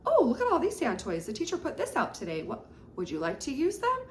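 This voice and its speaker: A woman's voice: extremely high pitch, lively intonation, brisk, a little hiss or hum, voice pushed up. A woman doing a sing-song cheerful caregiver. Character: cheerful adult caregiver coaxing a toddler. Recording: roomy echo.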